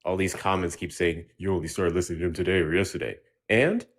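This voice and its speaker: A man's voice: low voice, quick pace. A man chatting on a livestream panel as a moderator, laid-back and blunt when he pushes back. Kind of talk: casual panel chat.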